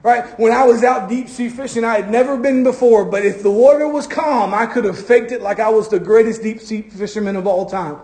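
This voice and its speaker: A man with a fairly high voice preaches a sermon in church. He speaks to his congregation and slows down to lean on key phrases. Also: darkish tone. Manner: preaching with drawn-out emphatic phrases and acted quotes. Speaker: pastor.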